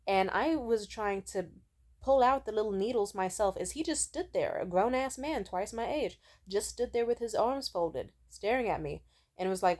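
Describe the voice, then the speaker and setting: A woman's voice: mid-range voice, normal speed, a little mellow. A young woman vlogger telling stories to camera in a chatty, casual way, swearing freely and filling her talk with "like". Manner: chatty, swears freely, mimics people in quotes; many filler "like"s and restarts.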